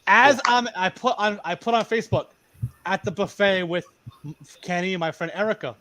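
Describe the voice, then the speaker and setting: High-voiced man rambling through stories. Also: steady tone, normal speed, pushed and bright. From Massachusetts. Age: 30s. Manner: rambling, profane, repeats himself. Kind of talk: casual voice chat storytelling.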